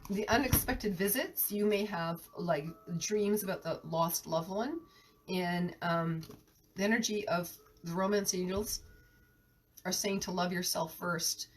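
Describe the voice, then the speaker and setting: A woman with a cold delivers a live tarot reading in an earnest, searching way, often restarting her sentences. Her voice sits low and comes from a little back from the mic, with a faint hiss behind it. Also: measured pace, far from the mic. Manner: earnest, restarts often, speaks of sensing energies. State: has a cold, coughing. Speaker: tarot reader.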